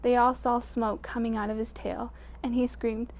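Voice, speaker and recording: A woman storyteller reading a picture book aloud to children in an expressive way, dropping to a hush at quiet moments. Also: fairly high pitch, normal speed.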